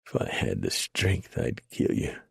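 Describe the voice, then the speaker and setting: A man's voice: a bass voice, big pitch swings, unhurried, vocal fry, fairly bright tone, husky, dry recording, studio quality, pitched below the performer's own voice, exaggerated voice. A man voicing a wounded, dying male outlaw, bitter and gasping out his words. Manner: gasping, faint.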